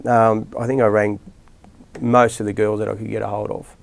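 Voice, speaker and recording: Aussie footy coach, middle-aged man, low voice with some fry, chatty and rambling, full of restarts. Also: level tone, moderate pace. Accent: Australian. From Australia. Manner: rambling anecdotes with many restarts and fillers. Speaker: rugby league coach, podcast guest. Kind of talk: casual storytelling interview.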